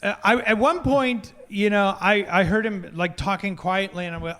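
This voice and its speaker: A man telling a story on a live comedy podcast, animated and acting out the people in it. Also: high-pitched, normal speed, hardly any pauses. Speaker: guest storyteller.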